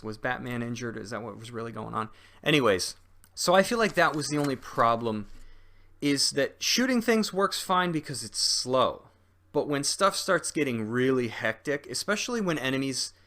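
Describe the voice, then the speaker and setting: Bright-voiced young man reviewing games. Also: medium pitch. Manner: rambling, lots of fillers and restarts; chatty and jokey. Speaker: game reviewer. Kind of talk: casual video game review.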